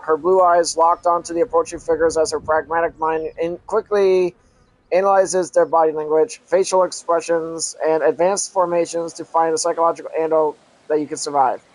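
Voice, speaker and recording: A man reading an adventure story aloud as a channel host, halting, correcting himself and breaking off for casual asides. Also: on the high side, poor audio. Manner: halting reading with frequent self-corrections and restarts.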